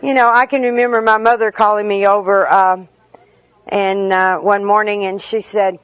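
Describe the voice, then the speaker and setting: A woman's voice: medium pitch, flat delivery, moderate pace, fairly bright tone, clear, resonant tone, no room sound, rough recording. A middle-aged woman giving a candid, humorous personal talk at a recovery meeting.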